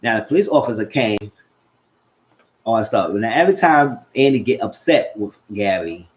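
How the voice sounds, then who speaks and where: A man casually recapping a TV episode, animated and acting out what the characters said. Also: lowish voice, moderate pace, highs cut off. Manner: animated, acts out characters' lines. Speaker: show recap vlogger.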